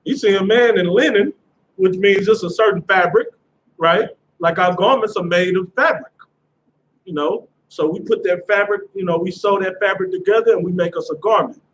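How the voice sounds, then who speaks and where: A man's voice: high voice, normal speed, fairly bright tone, rough recording. A man teaching a scripture class in a casual lecturing manner, often checking "you understand?".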